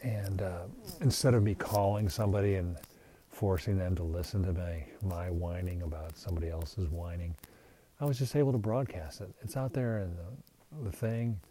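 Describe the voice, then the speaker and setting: A man's voice: deep voice, normal speed, warm tone, a little hiss or hum. A man hosting his own podcast, talking in a rambling, reflective, self-deprecating monologue. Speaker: podcast host.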